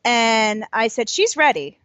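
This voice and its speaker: Young woman preschool teacher, chatty co-host, bright-ish pitch, dull dry recording. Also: dry recording. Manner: chatty, lively, quick laughs. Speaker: early childhood educator, co-host. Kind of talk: casual podcast chat. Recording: slightly dull lo-fi sound.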